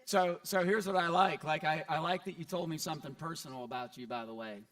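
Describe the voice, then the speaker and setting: Male seminar coach, slightly high-pitched, casual and conversational, stumbles and repeats words. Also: fast talker, a bit bright, far from the mic. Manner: conversational, repeats words, acts out what he'd say. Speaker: multifamily investing coach. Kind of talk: live seminar feedback. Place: event stage before an audience.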